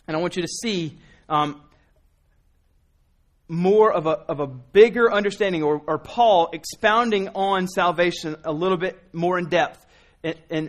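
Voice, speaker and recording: A man in his thirties giving an informal sermon as a Bible teacher, earnest and rambling, with many restarts and fillers. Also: high-pitched.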